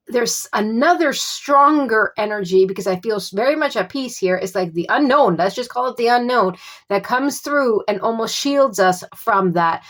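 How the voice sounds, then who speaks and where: A woman giving a casual tarot reading. She gropes for words with many fillers and keeps offering calm reassurance. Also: medium pitch. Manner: reassuring, repeats soothing phrases. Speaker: tarot reader.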